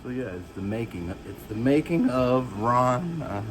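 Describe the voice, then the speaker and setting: A man telling rambling, halting stories about his childhood, jumping from one memory to the next. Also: animated, slight background noise, poor audio. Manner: rambling, halting, restarts and jumps between stories; shouts and jumps high when acting out others. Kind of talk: rambling personal storytelling.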